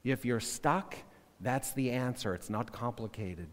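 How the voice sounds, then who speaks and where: Male pastor, earnest halting sermon delivery, mid-pitched, long church reverb. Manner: earnest, halting, repeats words.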